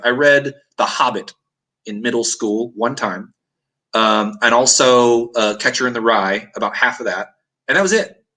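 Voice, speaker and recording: A man's voice: mid-range voice, sharp tone, rough recording. A man earnestly recounting a dramatic personal experience, acting out what people said. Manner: earnest, dramatic retelling with acted-out quotes. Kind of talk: intense personal storytelling.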